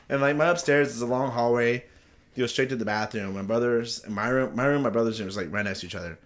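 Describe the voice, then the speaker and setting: A man's voice: medium pitch, fast talker, a bit bright. A young man telling a story in a casual chat, rambling, swearing and often laughing as he talks.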